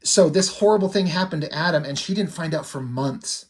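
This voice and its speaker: A man's voice: on the high side, a little fast. A man giving casual, candid commentary on his own comic pages, self-critical and swearing now and then. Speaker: comic artist and channel host.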